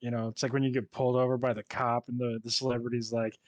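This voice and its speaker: A man's voice: medium pitch, flat delivery, fast talker, no room sound. Male co-host, sarcastic critic, dry close-miked sound. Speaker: podcast co-host. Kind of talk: casual chat recapping a TV episode.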